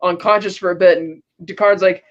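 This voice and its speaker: A man's voice: high-pitched, steady tone, brisk, a bit bright, lo-fi sound. A man co-hosting a podcast, retelling a movie scene by scene in a loose, rambling way and paraphrasing the characters' lines. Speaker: podcast co-host. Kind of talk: casual movie recap.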